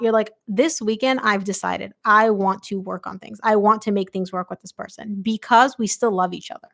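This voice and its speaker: A woman doing a live tarot reading, chatty and excitable, her voice going hoarse from a long day of readings. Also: medium pitch, moderate pace, few pauses. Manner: chatty, excitable, quotes people aloud. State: losing her voice. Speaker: tarot reader.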